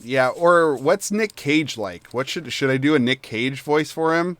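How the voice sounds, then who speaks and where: A man's voice: on the high side, lively intonation, measured pace, no room sound. A man running a tabletop role-playing game who chats, laughs easily and muses aloud about his character voices. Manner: self-deprecating, laughs easily, thinks aloud. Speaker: game master. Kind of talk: tabletop role-play narration and table chat.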